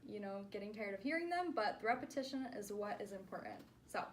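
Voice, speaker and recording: A woman's voice: mid-range voice, expressive, fast, a little hiss or hum. A woman speech clinician giving a therapy demonstration, patiently modeling words and praising each try.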